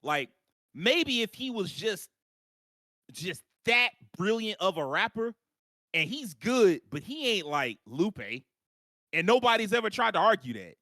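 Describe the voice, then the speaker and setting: A man co-hosts a live online show in loose, rambling chat. His voice is bright and sits a little high, and the sound is dry and close. He keeps slipping into quick impressions of other people as he talks. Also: no room sound. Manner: animated, talks in long runs with "like" and quoted voices. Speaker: podcast co-host. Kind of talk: casual live-stream chat.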